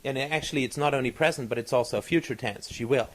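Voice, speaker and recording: A man's voice: medium pitch, quick pace, fairly bright tone. A man hosting a podcast in casual chat, talking in a discursive, analytical way with many fillers and restarts. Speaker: podcast host.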